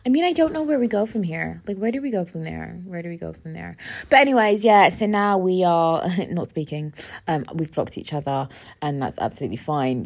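Low-voiced woman telling a story. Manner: chatty and expressive, swears freely, repeats herself for emphasis. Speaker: podcast host. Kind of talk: casual storytelling monologue.

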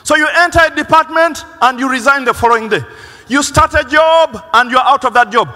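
A man preaching a sermon as pastor, animated, acting out the voices of people he quotes. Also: extremely high pitch, fairly quick. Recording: long reverb of a large hall.

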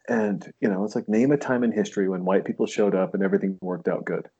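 Husky, low-voiced man rambling. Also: steady tone, fast talker, few pauses, mellow, lo-fi sound. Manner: rambling, slips into put-on voices. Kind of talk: casual podcast chat.

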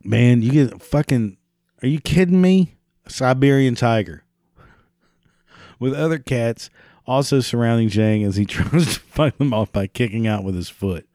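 A man's voice: mid-range voice, animated, a little slow, mellow, no echo, clean studio sound. A man hosting a solo podcast, reading and riffing with sarcastic, profane, rambling asides. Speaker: podcast host.

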